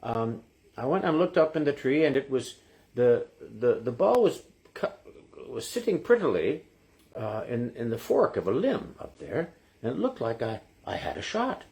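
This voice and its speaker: Man playing a rambling Irish golfer, put-on accent, quick and halting. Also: mid-range voice, very animated, gravelly, a little mellow, voice pushed down. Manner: rambling, breathless storytelling.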